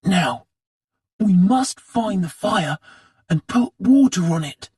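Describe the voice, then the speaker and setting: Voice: medium pitch, lively intonation, slow, darkish tone, breathy edge, full character voice. A narrator voicing a brave young boy who urgently bosses his friends around. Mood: hushed. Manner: urgent, bossy.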